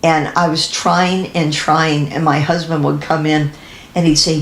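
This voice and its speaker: A middle-aged woman speaking earnestly about health and faith, her voice a little gravelly. She talks in a confiding way, pausing on ums and restarting her sentences. The sound carries a noticeable room echo. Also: sits low, level tone. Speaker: Christian women's fitness teacher. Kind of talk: personal faith-based health talk.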